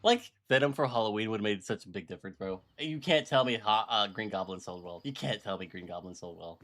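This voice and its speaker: A man's voice: lowish voice, brisk, fairly bright tone. A man streaming a game and ranting in frustration, laughing often as he talks to his chat. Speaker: gaming streamer. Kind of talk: live-stream commentary.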